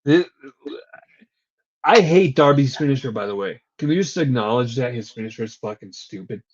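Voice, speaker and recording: A man's voice: medium pitch, lively intonation, moderate pace. Profane, rambling young man chatting. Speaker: podcast co-host. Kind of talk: casual wrestling recap chat. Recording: dull lo-fi recording.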